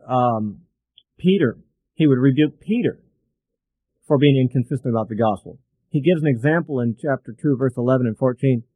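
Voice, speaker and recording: A middle-aged man teaching verse by verse through a Bible book in a relaxed, conversational way, thinking aloud with asides and fillers. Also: a little high, no room sound, poor audio.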